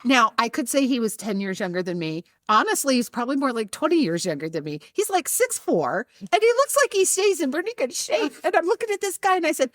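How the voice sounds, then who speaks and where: A middle-aged woman co-hosting a podcast, telling a story in a casual, animated way, laughing often and acting out the people in it. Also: sits high, fairly quick, few pauses, no room sound, studio quality. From not from Charleston. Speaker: podcast co-host.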